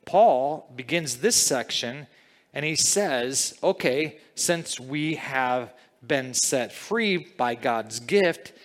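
Male pastor, unhurried sermon delivery, conversational teaching style, reverberant hall sound. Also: medium pitch, lively intonation. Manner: conversational teaching, frequent "okay?" and "all right?" check-ins.

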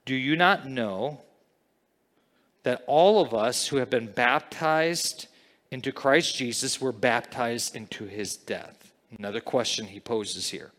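Male pastor, unhurried sermon delivery, conversational teaching style, reverberant hall sound. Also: mid-range voice, fairly bright tone. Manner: conversational teaching, frequent "okay?" and "all right?" check-ins.

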